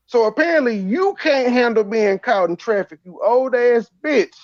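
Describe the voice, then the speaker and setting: A man's voice: very high voice, normal speed, hardly any pauses, a little mellow. A man co-hosting an online show, sarcastic and mocking, swearing as he chats heatedly. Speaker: co-host. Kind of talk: heated casual commentary. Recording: dull lo-fi sound.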